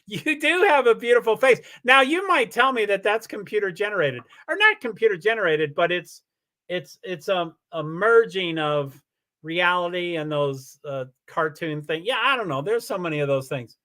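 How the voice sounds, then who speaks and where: Male livestream host, high and lively voice, rambling chat to viewers, stumbles and restarts often. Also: normal speed. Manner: rambling, animated, many restarts. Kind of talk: casual livestream chat, reading viewer comments.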